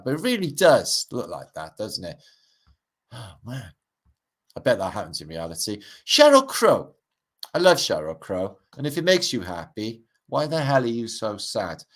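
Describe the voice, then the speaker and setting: A man's voice: lowish voice, a bit bright. A middle-aged Welsh man hosting a livestream, rambling casually over pictures with wry asides and casual swearing. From Wales. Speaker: livestream host.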